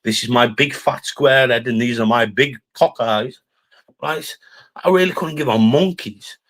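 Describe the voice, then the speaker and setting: A man with a Cumbrian accent tears into his targets on a live stream, swearing hard and taunting without a break. His pitch sits in the middle for a man, and his rant keeps rolling in a blunt, mocking way. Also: unhurried, fairly bright tone. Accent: Cumbrian English. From Cumbria, England. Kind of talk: ranting live-stream roast.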